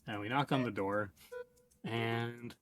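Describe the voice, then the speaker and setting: A man streaming live, telling a long rambling comic story in a meandering deadpan way, trailing off and restarting. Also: medium pitch, slow pace.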